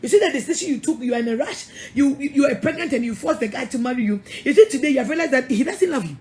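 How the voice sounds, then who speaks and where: A woman's voice: sits high, animated, rapid-fire, a little mellow. A middle-aged woman pastor with a Ghanaian English accent, giving an emphatic, scolding sermon-style talk with frequent laughs and repeated words.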